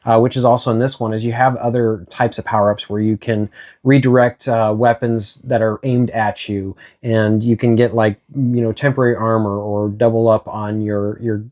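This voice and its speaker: A man's voice: lowish voice, flat delivery, normal speed, darkish tone. A man co-hosting a casual video game discussion, leading the talk with hesitant restarts. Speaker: co-host.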